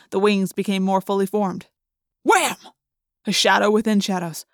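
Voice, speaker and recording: A woman reading a first-person story aloud as an audiobook narrator, measured and suspenseful. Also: medium pitch, dry recording, studio quality.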